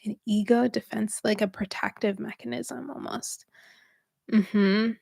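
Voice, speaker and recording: Chatty gravelly-voiced woman livestreaming. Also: mid-range voice, fairly even intonation, unhurried, a little mellow, no echo, studio quality. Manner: chatty, laughs often, filler-heavy. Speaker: spiritual reader hosting a livestream. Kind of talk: casual livestream chat with viewers.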